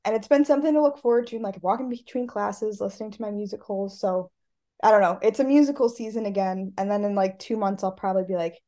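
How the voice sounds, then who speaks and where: A woman's voice: mid-range voice, fast, dark tone. A young woman, a college student, chatting casually over a video call, enthusiastic and rambling, with lots of fillers. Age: young adult. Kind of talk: casual chat.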